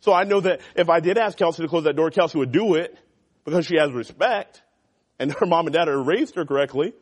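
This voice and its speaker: A man who is a youth pastor, giving a sermon to teenagers in a church classroom. He talks in an animated, conversational way, swinging from loud emphasis to quiet asides. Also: fairly high pitch, a little fast.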